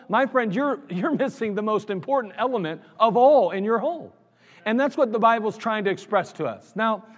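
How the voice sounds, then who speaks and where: A man preaching a sermon as pastor, in an earnest, conversational way with lots of repetition. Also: high voice. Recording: long reverb of a large hall.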